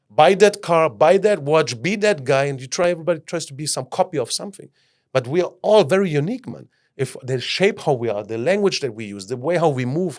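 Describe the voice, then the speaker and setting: Fast-talking man telling animated stories. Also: mid-range voice. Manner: animated, acts out quotes with lots of "bro" and "like". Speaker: guest, self-leadership coach. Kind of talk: casual podcast storytelling.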